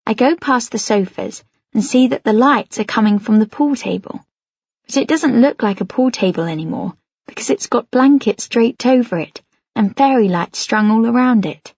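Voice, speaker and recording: Woman audiobook narrator, first person, husky, slightly muffled recording. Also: on the high side, moderate pace, no room sound. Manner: intimate, soft-spoken storytelling.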